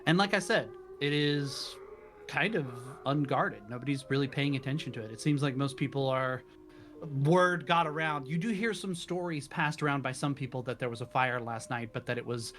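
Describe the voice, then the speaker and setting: A man running a tabletop game as game master, narrating scenes in a descriptive, unhurried way over a voice call. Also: mid-range voice, a bit bright. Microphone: headset or desk mic on a voice call.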